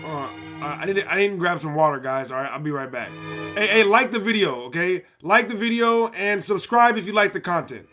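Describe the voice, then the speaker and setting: A man's voice: high-pitched, expressive, bright, forceful tone, soft background music. A man hosting a live stream, reading viewer comments aloud with playful asides and frequent laughter. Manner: playful, breaks into laughter, quick asides to chat. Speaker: livestream host.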